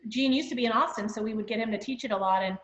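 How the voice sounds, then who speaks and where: A woman's voice: on the high side, rapid-fire, a bit bright. A woman co-hosting an interview, chatting in a rambling, friendly way. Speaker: podcast co-host. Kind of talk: casual interview chat. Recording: echoey room, muffled call audio.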